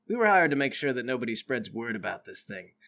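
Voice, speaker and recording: A man voicing a blunt, gruff hired security guard in a tabletop game. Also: medium pitch, big pitch swings, quick pace, sharp tone, slight background noise, pitched below the performer's own voice.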